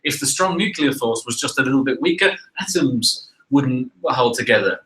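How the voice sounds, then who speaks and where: A man's voice: medium pitch, animated, moderate pace, fairly bright tone, rough recording. A man hosting a live science panel, reading out viewer questions and answering them in a loose, conversational way. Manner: conversational, thinks aloud with "uh" and "right?".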